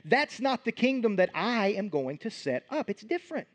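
A man's voice: sits high, very animated, moderate pace. A male pastor giving a sermon in a conversational way, acting out Bible scenes as he tells them.

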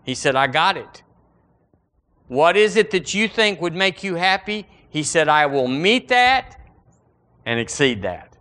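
A man preaching a sermon, folksy and emphatic, swinging from loud exclamations to low asides. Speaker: pastor.

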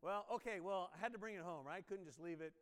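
Middle-aged male pastor, chatty storytelling sermon voice, smooth and resonant, long church reverb. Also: high voice, quick pace. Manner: conversational, storytelling, asks the congregation questions. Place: church sanctuary.

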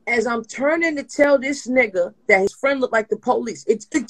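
Woman, Jersey accent, husky, animated, laughing, casual storytelling. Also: a little high, fairly quick, poor audio. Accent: New Jersey. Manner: animated, acts out voices, laughs often. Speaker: co-host. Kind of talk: storytelling chat, comic crime anecdote.

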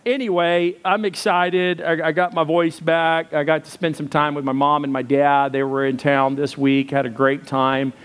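A male pastor warms up his congregation with casual stories and jokes at his own expense. His voice sits a little higher than most men's, and his talk is loose and chatty. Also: smooth. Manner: chatty, joking, self-deprecating. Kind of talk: sermon opening with casual storytelling. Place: church service before congregation.

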